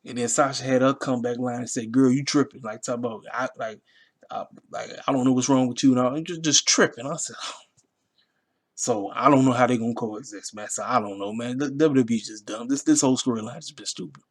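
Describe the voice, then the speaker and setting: A man with a voice at a middle pitch, talking in a loose, casual rant. He sounds exasperated and animated, repeating himself and jumping high in pitch when he gets outraged. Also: a little fast, slightly rough. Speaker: wrestling show reviewer.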